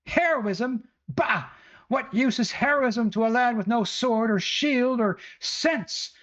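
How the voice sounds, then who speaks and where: A man's voice: very high-pitched, animated, takes it slowly, fairly bright tone, muffled recording, voice pushed up, exaggerated voice. A man voicing an angry middle-aged village mother who scolds and rants indignantly. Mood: furious scolding.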